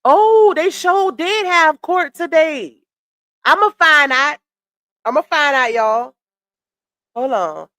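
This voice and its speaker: A woman's voice: high voice, animated, takes it slowly, long pauses, a bit bright, no room sound. A woman with a cold and a stuffy, congested voice, hosting a casual live stream commentary, sassy and chatty as she greets her chat.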